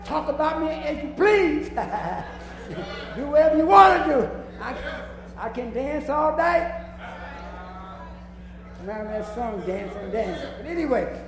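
A woman's voice: high voice, sing-song, slow pace, pauses often, background noise. A woman preacher delivering a fervent sermon to a congregation. She repeats phrases for emphasis, chuckles often and acts out scenes as she goes. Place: church hall with congregation. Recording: echoey hall, music behind.

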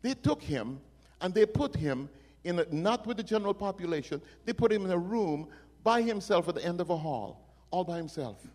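A man preaching a sermon, telling stories dramatically and swinging from hushed lines to loud ones. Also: high-pitched, expressive, normal speed. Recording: long reverb of a hall.

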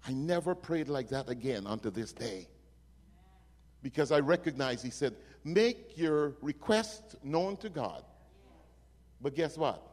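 A man's voice: on the high side, animated, slow pace, pauses often. Preacher man in an echoing hall. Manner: dramatic storytelling, swings from hushed to loud. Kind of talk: sermon. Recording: long reverb of a hall.

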